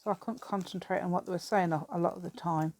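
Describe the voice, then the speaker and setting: A middle-aged English woman with a lowish, fast, darkish voice chats in a rambling way while working on a craft project, laughing often. She's a craft vlogger making casual conversation as she crafts.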